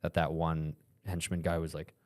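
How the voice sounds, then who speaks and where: A man's voice: a bass voice, little pitch movement, normal speed, a little mellow. A young man co-hosting a podcast, chatting casually and teasing with laughs. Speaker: podcast co-host. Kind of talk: casual chat.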